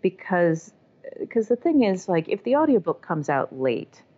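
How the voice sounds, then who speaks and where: A woman from the American South talks frankly about narrating audiobooks, with a chatty, self-deprecating manner. Her voice sits low and comes through a dull, muffled recording. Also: very animated, unhurried. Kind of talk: casual interview conversation. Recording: dull lo-fi sound.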